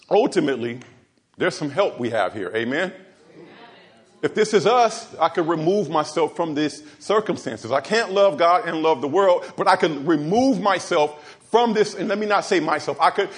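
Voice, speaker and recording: Male pastor, fairly high voice, animated sermon delivery with quiet asides and raised exhortation. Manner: repeats words when building a point.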